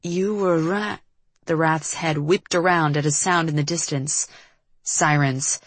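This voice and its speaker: A woman narrates a tense story in a measured, dramatic reading. Her voice sits fairly low. The sound is dry and close, with no room echo. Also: steady tone. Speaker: audiobook narrator. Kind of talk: scripted narration.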